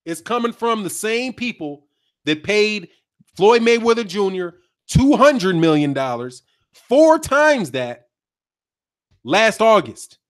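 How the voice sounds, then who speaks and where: A man hosting a boxing channel stream, chatty and animated, talking straight to his viewers and laughing often. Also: high voice. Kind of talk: live-stream boxing commentary.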